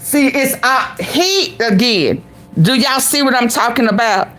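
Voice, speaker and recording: A woman's voice: fairly high pitch, animated, unhurried, a bit bright. A woman vlogger giving reaction commentary, sassy and exclamatory, talking back at the clip she plays.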